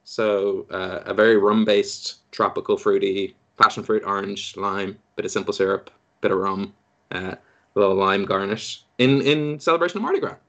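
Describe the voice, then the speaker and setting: A man hosting a casual podcast chat, jokey and quick to laugh. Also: fairly low pitch, a bit bright. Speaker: podcast host.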